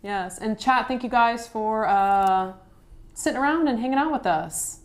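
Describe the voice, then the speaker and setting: A woman's voice: fairly high pitch, unhurried. A woman hosting a live stream, signing off to her chat in a loose, upbeat way with many fillers. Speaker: streamer host. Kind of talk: casual stream sign-off chat.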